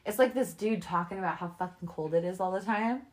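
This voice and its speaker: Young woman, podcast co-host, casual chat, swears a lot, animated storyteller. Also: medium pitch, fast talker. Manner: profane, animated storytelling with frequent laughter.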